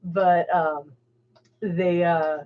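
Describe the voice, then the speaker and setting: A woman's voice: on the low side, little pitch movement, extremely slow, slight background noise. A woman hosting a livestream, chatting casually with many fillers and laughs. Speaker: stream host. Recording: dull lo-fi stream audio.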